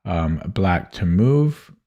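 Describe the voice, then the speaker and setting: A man with a somewhat low, husky voice works through chess puzzles out loud at his desk at home. He speaks very slowly and calmly, stopping to weigh each move. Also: dull audio. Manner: calm, slow, musing, talks himself through moves. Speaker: chess streamer. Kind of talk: thinking aloud while solving chess puzzles.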